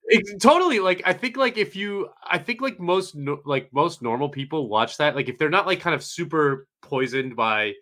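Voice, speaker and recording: Bright-voiced man rambling in chat. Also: a little high, expressive, normal speed, hardly any pauses. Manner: rambling, filler-heavy, laid-back. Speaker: podcast co-host. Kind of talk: casual chat.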